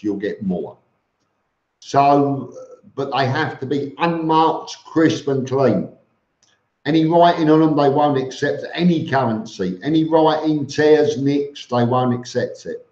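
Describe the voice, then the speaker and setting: A man's voice: mid-range voice, darkish tone. A man chatting casually on a live stream, reading out viewer comments and answering them bluntly, with lots of fillers and restarts and the odd "mate". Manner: blunt and matter-of-fact, says "mate". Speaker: vlogger answering live chat. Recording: roomy, dull lo-fi stream audio.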